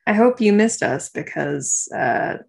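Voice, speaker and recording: Brief: chatty, giggly woman co-host, everyday mid-pitched voice, relaxed banter. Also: measured pace, gravelly, slightly rough. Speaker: podcast co-host. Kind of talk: casual chat.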